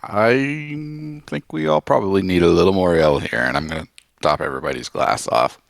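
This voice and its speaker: A man speaking in character as a player in a tabletop game, in a slow, deliberate way. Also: deep voice, vocal fry, no echo.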